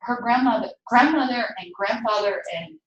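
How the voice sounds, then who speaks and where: A woman's voice: fairly high pitch, normal speed, dull audio, a little hiss or hum. An older woman with a Southern US accent lecturing a class in a chatty, digressive way, laughing often. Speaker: teacher. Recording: roomy, distant classroom mic.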